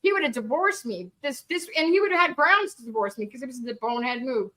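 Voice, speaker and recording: A high, bright woman's voice, loose and unguarded, telling stories with plenty of swearing and laughter. Her tone stays sharp and forward as she chats. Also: animated, fast. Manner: candid, laughing, swears freely. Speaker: guest storyteller. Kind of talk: casual profane storytelling.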